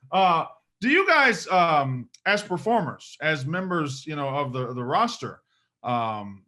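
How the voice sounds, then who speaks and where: Joking guy hosting a chat, bright sharp voice, high and bouncy. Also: very animated, slow pace. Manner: joking, self-deprecating. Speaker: podcast host. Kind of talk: casual interview.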